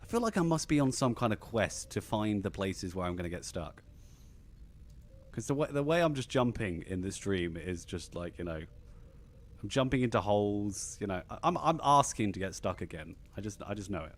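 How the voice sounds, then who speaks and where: Animated man with a posh English accent. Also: on the low side, moderate pace. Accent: slightly posh southern English. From England. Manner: animated and rambling, many restarts. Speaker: podcast host. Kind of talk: casual live-stream chat.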